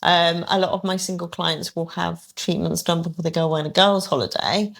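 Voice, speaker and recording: Woman, slightly low voice, podcast guest, thoughtful, hedging, many ums, dry sarcastic asides. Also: steady tone, fairly quick, vocal fry. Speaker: aesthetics practitioner guest. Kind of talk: conversational podcast interview.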